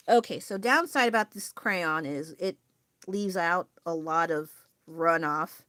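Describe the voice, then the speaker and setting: A woman's voice: fairly low pitch, normal speed, fairly bright tone, no room sound, clean studio sound. A woman chatting casually on a drawing livestream, rambling and restarting her sentences and laughing often. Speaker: art streamer.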